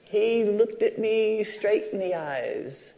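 A man's voice: high voice, expressive, slow, dark tone. A man preaching a sermon at a church service, telling personal stories and acting out the voices in them. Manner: storytelling, acts out quoted dialogue.

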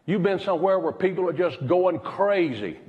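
A man preaching a sermon as pastor, pausing dramatically and dropping to a hush when he quotes someone. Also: high-pitched, lively intonation, long reverb tail, narrow, tinny audio.

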